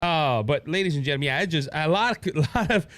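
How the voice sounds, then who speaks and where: A Cajun-accented man hosts a solo political talk show. His voice sits fairly high and swings widely in pitch. He rambles, restarts his sentences and keeps calling out to his listeners. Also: brisk, dry recording. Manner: animated and rambling, frequent restarts, addresses listeners as ladies and gentlemen. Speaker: podcast host.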